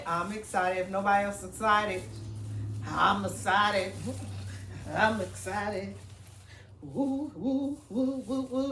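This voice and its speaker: A woman vlogging from home as she unboxes gifts, chatty and excitable, calling her viewers y'all. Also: mid-range voice, reverberant, a little hiss or hum. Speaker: family vlogger. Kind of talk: casual unboxing vlog. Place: home, indoors.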